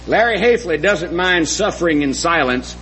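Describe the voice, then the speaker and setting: A man's voice: on the high side, expressive, normal speed, fairly bright tone, slight background noise, rough recording. A middle-aged man preaching a sermon, earnest and folksy, often asking the congregation questions.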